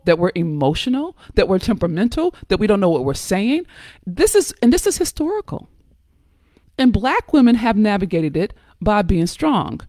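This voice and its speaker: A woman's voice: mid-range voice, a little mellow, no room sound, clean studio sound. Blunt, emphatic American woman preaching. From United States. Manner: emphatic and preachy, frequent "okay?" and "right?" check-ins; blunt, curses freely. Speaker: host giving advice to women. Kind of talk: motivational talk to camera.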